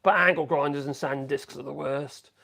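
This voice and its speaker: A man's voice: a little high, fairly even intonation, moderate pace, vocal fry, pushed and bright. A man talks casually through a woodworking live stream. He rambles, stops to correct himself, and hums little tunes between thoughts. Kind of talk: casual live-stream chat while working.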